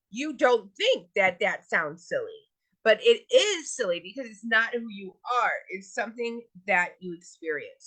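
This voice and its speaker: Bright-voiced woman guiding a self-help lesson. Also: mid-range voice, rough recording. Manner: gentle, coaxing, asks many questions. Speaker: wellness teacher. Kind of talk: guided self-help talk.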